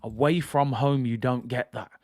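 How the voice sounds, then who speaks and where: A man's voice: mid-range voice, fairly even intonation, moderate pace, darkish tone, no room sound, studio quality. A man hosting a football channel, giving casual fan commentary in a chatty, incredulous way and often apologizing.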